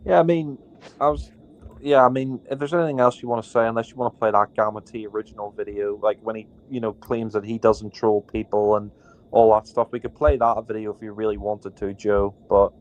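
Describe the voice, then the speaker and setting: A man's voice: fairly low pitch, steady tone, brisk, darkish tone, dull audio. A man co-hosting a podcast, indignant and rambling, with many fillers. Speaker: podcast co-host. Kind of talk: heated podcast rant.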